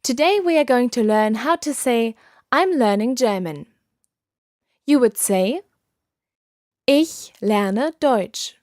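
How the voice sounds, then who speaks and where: A woman teaching a scripted podcast language lesson, speaking patiently and enunciating clearly. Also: fairly high pitch, animated, a little slow, pauses often, a little mellow, dry recording, studio quality.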